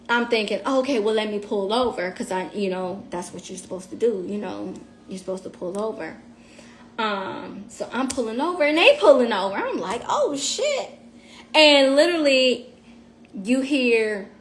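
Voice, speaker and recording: Woman, higher voice, casual livestream storyteller, animated and profane, talks to viewers directly, faint background noise.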